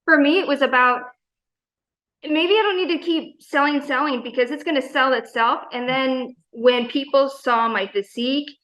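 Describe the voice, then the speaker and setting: This low-quality clip features a woman in her forties, a gym member, chatting in a casual interview. She's upbeat and rambling, packing in fillers and quoted asides, with a high, somewhat bright voice at a moderate pace.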